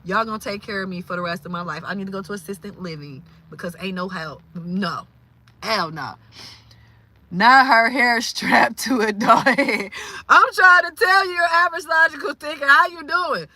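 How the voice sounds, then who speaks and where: A woman from Louisiana, hosting a casual livestream and talking in an animated, exclamatory way. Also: medium pitch, normal speed, dry recording. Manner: animated, exclamatory, incredulous, laughing often. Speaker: livestream host.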